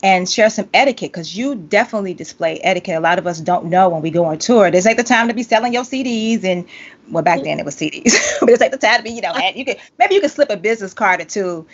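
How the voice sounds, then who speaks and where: A woman in her forties hosting a podcast, playful and animated with quick asides. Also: medium pitch. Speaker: podcast host and singer. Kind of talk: casual interview chat. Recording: dull lo-fi audio.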